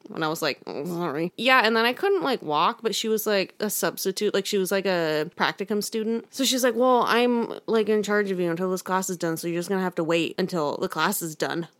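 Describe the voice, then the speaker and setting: A young woman telling a school story in casual chat, swearing freely and animated. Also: mid-range voice, a little fast, few pauses.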